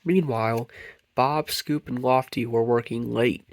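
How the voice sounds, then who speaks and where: A man reads a children's picture book aloud, gentle and expressive. His voice sits in an ordinary middle pitch. The sound is dry and close, with no room around it. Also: unhurried, no room sound. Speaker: narrator.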